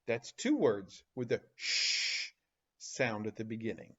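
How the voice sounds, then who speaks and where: Slow, animated man teaching phonics to kids. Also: on the low side, breathy edge, highs cut off. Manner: slow, animated, exaggerated sounds for children. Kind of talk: phonics lesson for young children.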